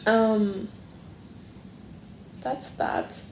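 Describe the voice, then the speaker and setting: Chatting casually on her livestream, this host speaks at a medium pitch with a steady, slightly mellow tone and stretches out her words. She wanders from thought to thought, fixing herself as she goes, in an echoey room with a little background noise.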